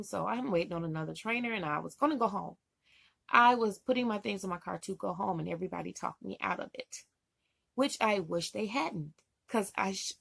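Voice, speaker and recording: A woman's voice: medium pitch, creaky, a bit bright, dry recording, clean studio sound. A woman vlogger rambling through an emotional story in casual, chatty talk.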